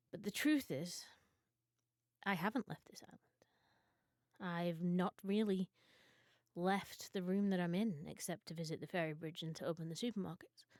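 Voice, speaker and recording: A young woman from Britain telling absurd mock confessions to her stream audience in a deadpan, mock-serious way. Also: on the low side, dry recording. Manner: mock-serious storytelling, dry absurd humor. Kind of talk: deadpan comedic monologue.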